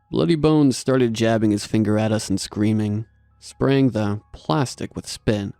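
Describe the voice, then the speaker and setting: A man narrating a horror story in a steady scripted delivery. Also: fairly low pitch, a little slow, gravelly, no room sound, clean studio sound, faint music behind.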